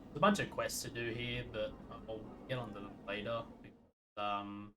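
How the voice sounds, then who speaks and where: A man's voice: on the low side, steady tone, moderate pace. Man muttering let's play commentary. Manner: reads game text aloud, muttered asides. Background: game music.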